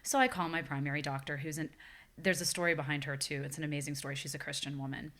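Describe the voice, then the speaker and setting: Speaking quickly with a low-pitched, fairly bright voice and fairly even intonation, a woman in her forties gives personal testimony as a podcast guest. She comes across as earnest and reflective.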